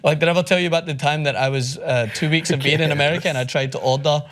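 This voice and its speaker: A young Scottish man co-hosting a sports talk show, joking and chatting fast. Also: a little high. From Scotland. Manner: fast-talking, joking, animated. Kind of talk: casual chat.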